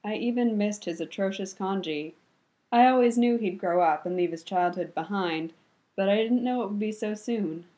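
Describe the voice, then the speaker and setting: Brief: sharp-tongued young male ninja teacher with dry retorts, read by a woman. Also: mid-range voice, moderate pace, natural voice. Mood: wistful.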